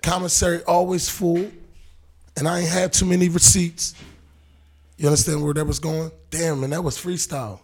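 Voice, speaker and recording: A man telling a street story on a podcast in a loud, profane, animated way, acting out what people said. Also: fairly high pitch, normal speed. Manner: animated, profane, acts out quotes. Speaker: podcast guest. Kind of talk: casual storytelling.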